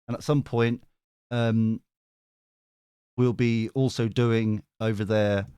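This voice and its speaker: A man's voice: medium pitch, flat delivery, slow pace, long pauses, mellow, clean tone, dry recording, studio quality. A man casually chatting with his viewers on a live stream, cheeky and swearing, often laughing. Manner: cheeky, swears, laughs a lot, reads chat aloud. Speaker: tarot reader streamer.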